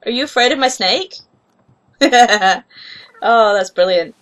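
A young woman giving casual, excitable commentary while playing a life-simulation game, gushing over cute pets. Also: on the high side, takes it slowly. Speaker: gaming video host.

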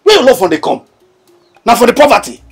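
An actor with a Nigerian accent playing a cheeky young houseboy who mocks and teases in a sing-song way. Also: male voice, very high voice, sing-song, fast talker, breathy edge, soft background music, full character voice. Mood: mocking. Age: young adult. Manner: mocking, teasing, sing-song. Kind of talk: film acting.

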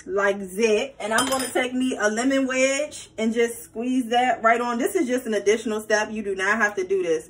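A woman hosting a home cooking video, playful and chatty as she talks her viewers through each step. Her voice sits a little high and has a husky edge. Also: rough recording. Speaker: cooking vlogger. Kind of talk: casual cooking tutorial.

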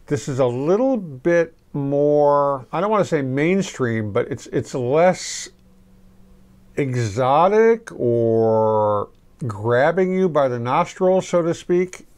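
A middle-aged man giving a casual, rambling fragrance review to camera, relaxed and full of restarts. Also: on the high side, takes it slowly.

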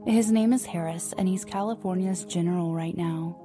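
A woman's voice: fairly low pitch, normal speed, over music, close to an everyday voice. A woman reading the part of a young married daughter with an earnest, reassuring manner. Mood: cheerful.

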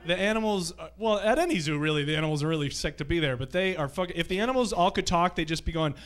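A man's voice: a little high, fast talker, a bit bright. A man doing stand-up comedy on a theatre stage, telling loose, profane stories to a live audience. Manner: loose, profane anecdotal storytelling. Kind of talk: stand-up set.

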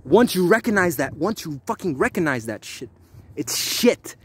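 A man talking to camera in a preachy spiritual monologue, animated and repetitive, with swearing. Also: fairly high pitch, normal speed, breathy edge. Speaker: vlogger.

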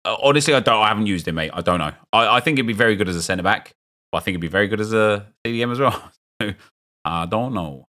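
Streaming a football game, this young man talks fast in a lowish voice, chatting with viewers and reading their messages aloud. As he opens game packs on the live stream, he reacts loudly and excitedly to good pulls.

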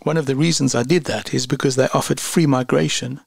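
A man with a gravelly, slightly husky voice reads a scripted product review at a measured, unhurried pace. The sound is dry and close, with no room around it. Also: mid-range voice, steady tone, dry recording. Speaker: online business reviewer.

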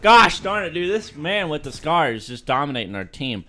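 A young man giving live gameplay commentary, excitable and self-deprecating, swinging from muttering to yelling. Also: a little high, normal speed. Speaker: gaming video creator.

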